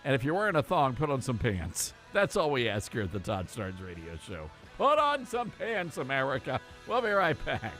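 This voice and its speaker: A man's voice: medium pitch, very animated, a little fast, hardly any pauses, fairly bright tone, faint music behind. A man hosting a radio talk show, chatting in a casual, amused way with laughing asides. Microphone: studio microphone.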